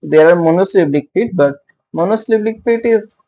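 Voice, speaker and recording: A male teacher, explaining poetry meter in a halting way, with many fillers and questions put to his listeners. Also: sits high, mellow, low-quality recording. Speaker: literature teacher. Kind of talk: casual classroom-style explanation.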